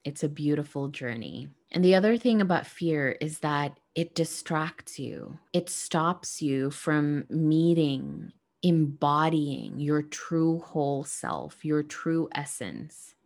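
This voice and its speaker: A woman hosting a reflective spiritual monologue, speaking gently and earnestly to her listeners. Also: sits low, slow pace. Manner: gentle, soft-spoken, earnest.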